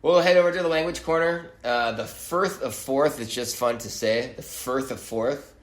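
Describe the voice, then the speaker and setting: A man's voice: mid-range voice, normal speed, reverberant. Wry, musing podcast host, a man. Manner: musing, wry, with frequent hesitations. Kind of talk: solo podcast monologue.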